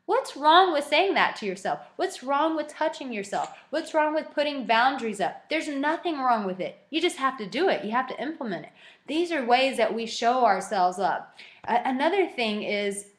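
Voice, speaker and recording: A young woman giving a motivational self-help talk, animated and acting out little dialogues as she goes. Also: sits high, moderate pace, roomy sound. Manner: animated, acts out quoted dialogue.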